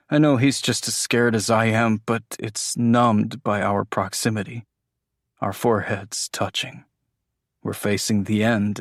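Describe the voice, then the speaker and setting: A man's voice: fairly low pitch, no echo, studio quality. A man narrating a first-person audiobook in an intimate, emotional storytelling manner.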